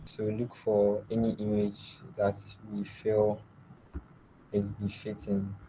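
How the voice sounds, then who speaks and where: A man teaching a design lab, giving step-by-step software instructions and often trailing off quietly. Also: lowish voice, monotone, slow, slight background noise, low-quality recording. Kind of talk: screen-share software tutorial.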